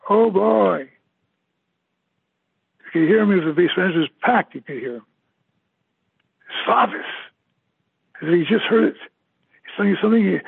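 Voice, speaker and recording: A man's voice: high-pitched, creaky, breathy edge, dry recording. An older man giving a eulogy, emotional and emphatic, repeating his words often. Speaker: eulogy speaker. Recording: tinny phone-like, dry sound.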